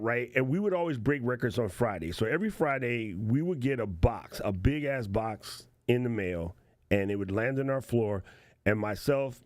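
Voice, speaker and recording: A man's voice: fairly low pitch, darkish tone, no room sound. A man hosting a casual livestream show, playful and slangy, laughing often as he chats. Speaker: show host.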